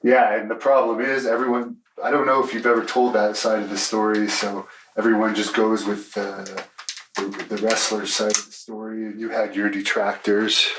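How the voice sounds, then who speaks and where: A male interviewer asking even, probing questions. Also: fairly low pitch, moderate pace, echoey room, noisy background.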